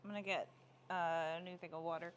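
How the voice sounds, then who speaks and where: A woman's voice: on the low side, fairly even intonation, quick pace. Woman, livestream host, chatty, reads comments aloud, casual, faint background noise.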